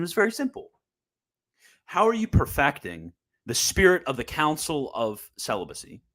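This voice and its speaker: A man's voice: fairly low pitch, fairly bright tone. A young man giving casual, combative commentary on church teaching, sarcastic and full of restarts. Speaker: Catholic commentator.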